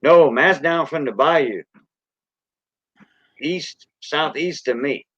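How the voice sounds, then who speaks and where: A man's voice: on the high side, slow pace, fairly bright tone, breathy edge, dry recording. A man from the Louisiana Gulf Coast with a Cajun accent, hosting a casual, rambling live-stream chat in a folksy way. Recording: dull lo-fi stream audio.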